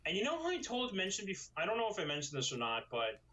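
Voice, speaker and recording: A man giving a casual critique who rambles and sounds mocking and easily excited. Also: high-pitched, fast, a little hiss or hum, rough recording. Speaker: video critic.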